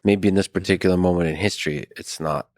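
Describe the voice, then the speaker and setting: Soft-spoken low-voiced male host. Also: steady tone, quick pace, no echo, clean studio sound. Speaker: podcast host. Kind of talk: interview conversation.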